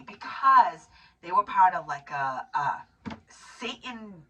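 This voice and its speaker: A woman's voice: lowish voice, slow, lo-fi sound. A middle-aged woman in casual chat, rambling through a movie story and acting out the characters' lines. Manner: rambling, animated storytelling with acted-out quotes. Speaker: co-host recapping a movie. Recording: distant mic with hiss.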